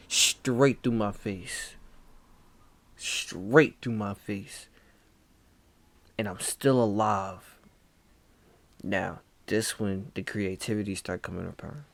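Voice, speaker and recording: A young man casually telling a spooky dream story, acting out lines with sudden whispers and shouts and calling the listener "bro". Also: fairly low pitch, no room sound. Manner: slow, dramatic, acts out quoted lines with whispers and shouts.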